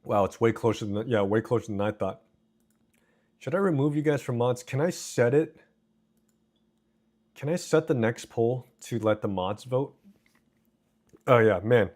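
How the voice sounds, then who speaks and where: A man's voice: medium pitch, measured pace, pauses often, darkish tone. Joking male livestreamer chatting with viewers. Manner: joking, reads chat aloud and banters with viewers. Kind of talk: casual livestream chat.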